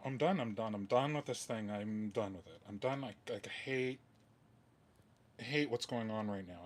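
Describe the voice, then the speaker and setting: A man hosting a live guitar-modding vlog at his workbench indoors, venting with weary, sighing frustration and repeating himself. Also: medium pitch. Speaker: guitar modding channel host. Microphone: camera mic at a workbench.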